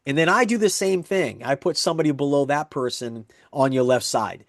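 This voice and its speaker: A man with a fairly high voice gives an eager sales presentation. He walks through one example after another and repeats the same points as he builds the pitch. The sound is dry and close. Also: a little fast, dry recording. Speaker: network marketing presenter.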